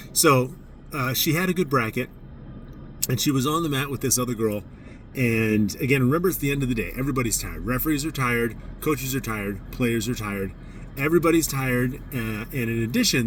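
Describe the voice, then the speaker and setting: A man's voice: mid-range voice, far from the mic, a little hiss or hum. A man, a judo coach, casually telling a story from a tournament in a candid, self-mocking way. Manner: candid, self-mocking, animated when recounting his outbursts.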